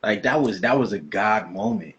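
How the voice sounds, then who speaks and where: Laid-back male host, husky and low, slangy chat. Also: animated, moderate pace, highs cut off. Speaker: podcast host. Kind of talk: casual interview chat.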